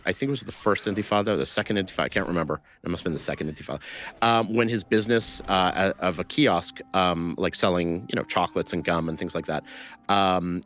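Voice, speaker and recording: Guy with a real low voice telling a story, lots of ums and restarts. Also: fairly bright tone. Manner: halting, many fillers and restarts. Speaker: interview guest. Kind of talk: conversational storytelling.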